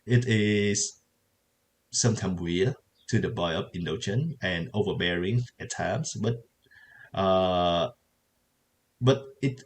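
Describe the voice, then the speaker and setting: A man co-hosting a casual film podcast, halting with many fillers and short agreeing interjections. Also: deep voice. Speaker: podcast co-host. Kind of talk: casual film review chat.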